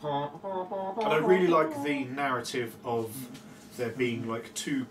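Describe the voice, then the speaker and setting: A man's voice: mid-range voice, steady tone, slow. Chatty man, distant and roomy. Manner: chatty, jokey, explains lore at length. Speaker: tabletop wargame player. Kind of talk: casual chat during a game. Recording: roomy distant mic with background noise.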